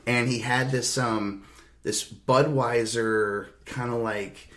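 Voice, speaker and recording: A young man spins a loose, swearing anecdote in a relaxed, conversational way. He rambles and restarts, and he laughs through the story. His voice sits at an ordinary middle pitch. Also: slow pace. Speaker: podcast host. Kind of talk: casual storytelling.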